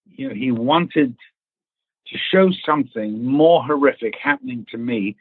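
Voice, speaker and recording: A man's voice: medium pitch, unhurried, slightly rough, no echo. A man, an actor guest, telling anecdotes in an interview and acting out the people in them. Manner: storytelling, acts out quoted people, swears casually. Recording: tinny phone-line audio.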